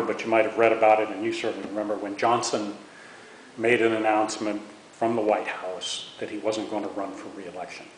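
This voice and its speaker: Halting older man, low voice. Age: 60s. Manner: halting, repeats words while recounting. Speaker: veteran interviewee. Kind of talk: oral history interview. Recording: echoey room with faint hiss.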